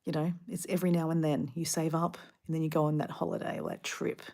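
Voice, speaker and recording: Chatty Australian woman, slightly low voice. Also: little pitch movement, quick pace. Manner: chatty, rambling, filler-heavy, drops to a soft whisper at times. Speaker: travel vlogger. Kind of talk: casual rambling vlog. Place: hotel room.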